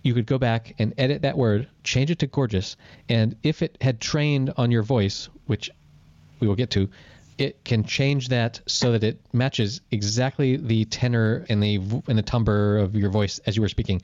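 A man's voice: mid-range voice, fairly even intonation, normal speed, a little mellow, no echo, lo-fi sound. A man co-hosting a podcast, telling a story in casual chat and swearing freely. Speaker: podcast co-host.

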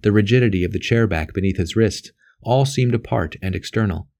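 A man narrating a novel aloud in a measured, even way. His voice sits slightly low for a man. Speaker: audiobook narrator. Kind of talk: scripted narration.

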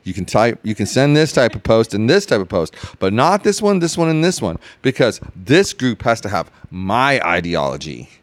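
A man rants on his podcast in a rambling, sarcastic way, his pitch swinging up and down with emphasis. He talks casually and restarts his sentences often. The recording is dry and close, with no room sound. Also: big pitch swings, normal speed, few pauses, no room sound. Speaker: podcast host. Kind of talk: casual ranting chat.

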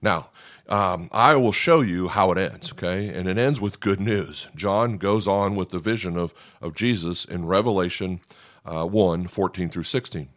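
A man's voice: deep voice, normal speed, fairly bright tone. A man preaching a conversational Bible teaching, often checking in with listeners by asking "okay?". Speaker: pastor. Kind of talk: sermon teaching.

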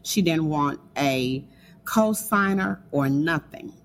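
Lowish-voiced woman telling a testimony. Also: slow pace. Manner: animated storyteller acting out quoted voices. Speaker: business owner, guest. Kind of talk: storytelling testimony in an interview.

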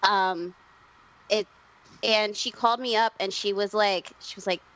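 Lively woman telling a story, lo-fi sound. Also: measured pace. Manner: animated, acts out her mother in a higher voice. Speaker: comics writer, guest. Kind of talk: casual storytelling chat. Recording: dull lo-fi sound.

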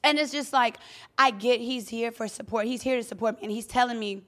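A woman's voice: on the high side, a bit bright. A woman in her thirties co-hosting a podcast, telling chatty stories in a casual way. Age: 30s. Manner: fast, chatty storytelling with laughs. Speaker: podcast co-host. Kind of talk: casual chat.

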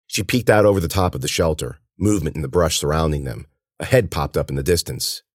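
Deep-voiced man reading a dramatic story. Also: quick pace, no room sound, studio quality. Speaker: narrator. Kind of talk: audiobook reading of a horror story.

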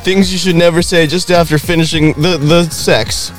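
A man's voice: fairly high pitch, steady tone, faint music behind, rough recording. A young man co-hosting a casual improv comedy podcast, goofy and laughing often. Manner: goofy, laughs often, slow drawn-out delivery. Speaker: podcast co-host.

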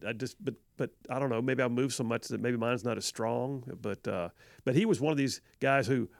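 Casting: middle-aged Southern man, radio talk host, gravelly, dry close studio mic, chatty and quick to laugh. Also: medium pitch, dry recording. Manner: chatty, self-deprecating, laughs often. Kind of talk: casual call-in radio talk. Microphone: studio microphone.

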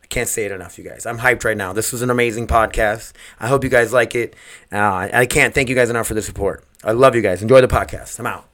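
A man's voice: on the low side, fast, fairly bright tone. Rambling, profane male podcast host. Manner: rambling and profane, full of "man" and "dude"; earnest and upbeat. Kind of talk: casual solo podcast talk.

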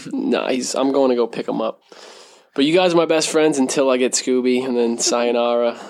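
Gravelly, relaxed guy. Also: medium pitch, normal speed. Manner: relaxed, slangy. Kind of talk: casual chat.

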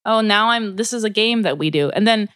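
A woman comedian chatting casually on a podcast, telling a story in a lively way with lots of "like" and acted-out quotes in changing voices. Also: mid-range voice, brisk, dry recording, studio quality. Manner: animated, heavy use of "like", acts out quotes in shifting voices.

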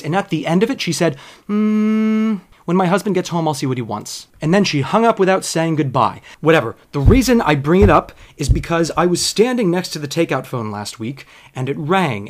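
A man telling a comic story in a monologue, with an animated, self-mocking, frank delivery. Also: fairly high pitch.

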